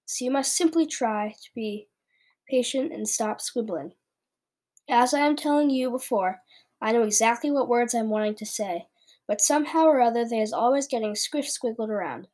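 A very old, gentle giant from a children's storybook, voiced by a woman reading aloud, spinning out his lines in a playful, unhurried way. The voice sits a little high and stays close to the reader's own. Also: close to an everyday voice. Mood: bashful. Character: very old kindly male giant.

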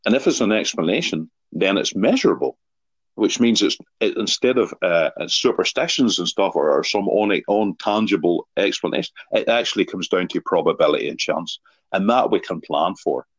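Male podcast guest, low and deep, earnest explainer, dry, muffled sound. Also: expressive, moderate pace, breathy edge, no echo. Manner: earnest, explanatory, poses rhetorical questions. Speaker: guest, sports psychology author. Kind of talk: podcast interview answers with anecdotes. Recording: dull lo-fi sound.

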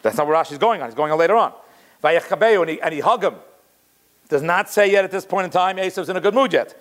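A man teaching a Torah class in a lively, conversational way, weaving Hebrew quotations into plain talk. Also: sits high, quick pace. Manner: animated, conversational, mixes Hebrew quotes in.

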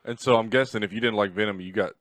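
Brief: male co-host, lowish voice, dry sound, playful needling. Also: rapid-fire, a bit bright, no echo. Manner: teasing, provoking others. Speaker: podcast co-host. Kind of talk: casual podcast banter.

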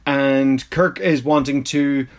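A man's voice: medium pitch, steady tone, takes it slowly. A man, rambling through a casual episode recap with mock-exasperated asides and frequent laughs. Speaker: podcast host reviewing an episode.

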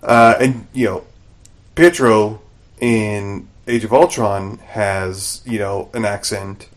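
A man with a lowish voice speaks slowly while co-hosting a podcast. He recaps a TV episode in a casual, animated style, acting out what the characters say.

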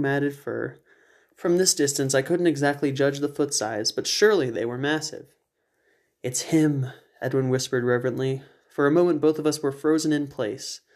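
A man reading his own comedy short story aloud in a measured storytelling manner. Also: mid-range voice, darkish tone. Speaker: reader, author.

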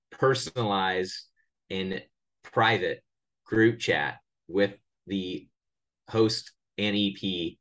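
A man co-hosting a casual podcast from his bedroom at home, delivering a joking sales pitch full of stammers and restarts. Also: a bit bright. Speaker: podcast co-host.

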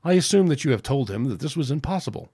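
A man's voice: medium pitch, very animated, quick pace, mellow, husky. A man reading a precise Vulcan officer. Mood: formal. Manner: precise and formal. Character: logical, unemotional male Vulcan science officer.

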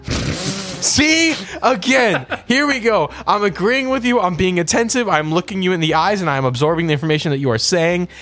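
A young man co-hosting a casual podcast chat, teasing his friend with profane, quick comebacks. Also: high voice, lively intonation, fairly bright tone, soft background music. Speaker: podcast co-host.

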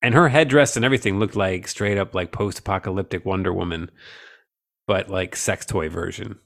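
A man's voice: deep voice, fairly quick, creaky, fairly bright tone. A man co-hosting a casual, profane movie-review chat, rambling and joking crudely. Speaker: podcast co-host.

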